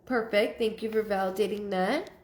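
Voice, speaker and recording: A woman giving a live psychic reading, relaying messages in a halting way with many fillers. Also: medium pitch, a little mellow, roomy sound, slight background noise. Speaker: psychic medium.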